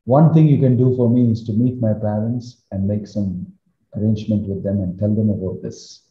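A man's voice: lowish voice, fairly even intonation, normal speed, close to an everyday voice. A man voicing a wounded young man who cries out in pain and reproach, then resigns himself. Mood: resigned. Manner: crying out in reproach. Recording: roomy, slightly dull recording.

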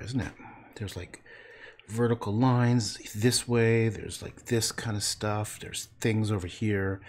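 A man's voice: on the low side, slight background noise. A man casually talking through his painting on a livestream, mocking his own work, swearing and muttering half to himself. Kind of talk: casual running commentary while painting.

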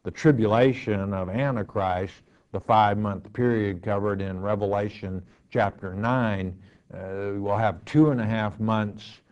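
Slow, measured male pastor. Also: fairly low pitch, steady tone, darkish tone, clean tone, highs cut off. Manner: slow, measured, firm and matter-of-fact. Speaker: pastor answering listener questions. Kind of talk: radio bible teaching.

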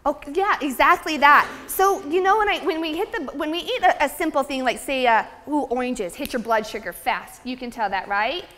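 A woman's voice: high voice, normal speed, few pauses, pushed and bright. A woman presenting a nutrition seminar, talking in an upbeat, chatty way to her audience. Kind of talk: live seminar lecture. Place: seminar room. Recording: long hall reverb.

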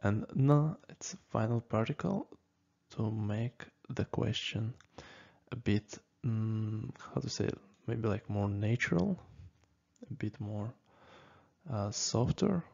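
A man gives a relaxed lesson at a very slow, halting pace, full of fillers and little "okay?" checks. His voice is gravelly and a bit husky. The recording sounds dull and lo-fi. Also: lowish voice. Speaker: language teacher. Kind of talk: casual spoken lesson.

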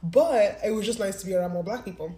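A woman's voice: medium pitch, quick pace, warm tone. A young woman in her twenties recounts her night out in a candid, rambling way, scattering "like" through her talk. Her voice rings back off the walls of a roomy space. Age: 20s. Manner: candid, rambling, heavy use of "like". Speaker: vlogger. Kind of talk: casual storytelling to camera. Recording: roomy echo.

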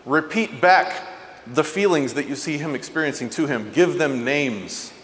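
A man giving a parenting talk, telling stories earnestly and going soft and low for tender points. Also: a little slow, long reverb tail, slight background noise. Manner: earnest, animated storyteller, drops soft and low for tender moments. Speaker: parenting speaker. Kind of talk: motivational talk.

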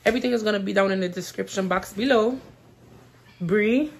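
A woman's voice: mid-range voice, fairly quick, gravelly, a loud crowd. A young woman co-hosting a prank vlog, teasing and laughing through casual banter. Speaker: vlog co-host.

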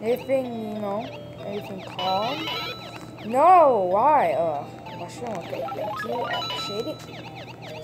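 A woman chatting casually through a video game playthrough, breaking into excited shouts and laughs at close calls. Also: mid-range voice, takes it slowly. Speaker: gameplay commentator. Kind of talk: casual let's-play commentary. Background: video game music.

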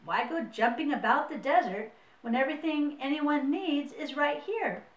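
A woman's voice: high-pitched, lively intonation, moderate pace, far from the mic, voice pushed up. A woman voicing a fat old male mouse, smug and scornful, who snorts and dismisses dreams. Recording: roomy, mic set away.

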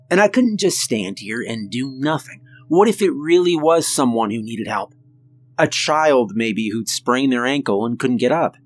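A man narrating a scripted horror story in the first person, with measured, suspenseful delivery and dramatic pauses. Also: medium pitch.

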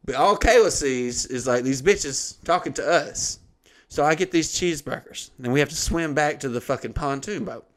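A man hosting a podcast, telling a profane, animated story in casual comedic style. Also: a little high, moderate pace. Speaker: podcast host.

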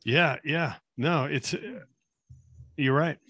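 A man's voice: on the high side, takes it slowly, fairly bright tone, no echo, clean studio sound. A man co-hosting a podcast, chatting casually in a joking, self-mocking way. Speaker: podcast co-host. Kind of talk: casual chat.

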